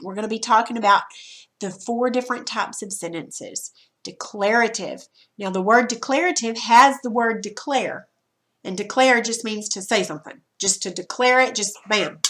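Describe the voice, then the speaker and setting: A woman teacher records a grammar lesson for her students at a computer. She talks to them directly in a loose, chatty way, repeating points and restarting sentences as she goes. Her voice sits at an ordinary middle pitch. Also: a bit bright. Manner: repeats and restarts while explaining.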